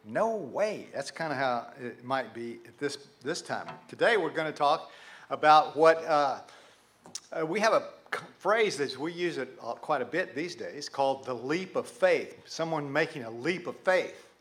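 A man's voice: on the high side, lively intonation, normal speed, a bit bright. A man with a Texan accent, preaching a sermon to a live congregation in a folksy, conversational way. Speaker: pastor. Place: church sanctuary with a live congregation.

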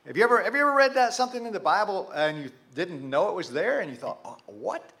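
A man's voice: sits high, expressive, quick pace, sharp tone. A man with a Texan accent, preaching a sermon to a live congregation in a folksy, conversational way. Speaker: pastor. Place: church sanctuary with a live congregation.

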